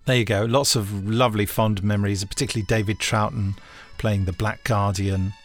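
Podcast host, lowish voice, rambly and fond, ums everywhere, faint music. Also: male voice, steady tone, fairly quick. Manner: warm-hearted, rambling, fond of fillers. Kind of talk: casual chat.

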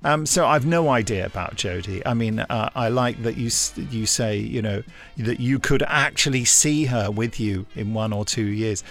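A man's voice: mid-range voice, normal speed, few pauses, fairly bright tone, soft background music. A man co-hosting a podcast, talking in a wry, rambling, playful way. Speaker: podcast co-host, audio drama producer. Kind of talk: casual chat.

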